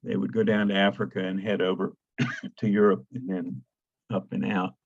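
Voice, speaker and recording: An older male archaeologist giving a slide presentation, halting and restarting often, with many fillers, calling for the next slide. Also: low-pitched, little pitch movement, creaky, breathy edge, no echo, muffled recording. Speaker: guest lecturer, archaeologist.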